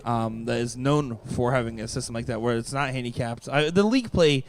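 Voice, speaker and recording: A man's voice: mid-range voice, a little fast. A man hosting a darts stream, upbeat and joking, talking loosely with frequent fillers. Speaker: stream host and commentator. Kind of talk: live sports commentary.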